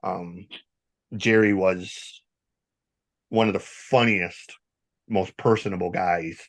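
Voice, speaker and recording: A man hosting a podcast, telling stories in a rambling, animated, casual way. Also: low voice, slow. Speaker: podcast host. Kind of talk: casual storytelling chat.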